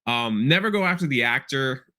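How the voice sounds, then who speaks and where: A man's voice: medium pitch, animated, moderate pace, pushed and bright. A man hosting a casual podcast, rambling through an episode recap with loose asides and playful character impressions. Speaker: podcast host. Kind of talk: casual chat.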